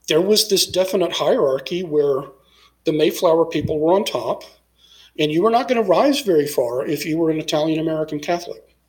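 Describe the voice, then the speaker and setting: A middle-aged man from Texas holds forth as a guest in a relaxed interview. His voice sits a little high for a man. He thinks out loud, stacking fillers and false starts as he goes. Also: poor audio. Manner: discursive, many fillers and restarts. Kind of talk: casual interview conversation.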